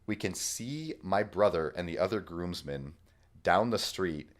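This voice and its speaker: A young man from Washington state, co-hosting a podcast and telling an animated story. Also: low-pitched, a little slow. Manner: animated, acts out people's lines in the story. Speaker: podcast co-host. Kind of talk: casual storytelling.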